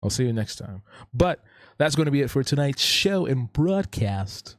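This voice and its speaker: A man's voice: medium pitch, very animated, normal speed, no room sound, clean studio sound. A man hosting a live drawing stream, chatting casually in a laid-back, slangy way and often repeating his phrases. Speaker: live-stream host and artist.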